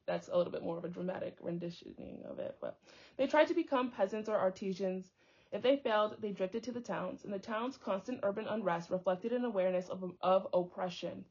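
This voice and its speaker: In dull lo-fi audio, a young woman with a medium-pitched, slightly mellow voice reads from a book a little fast. She stumbles on tricky words and breaks away to chat about it along the way.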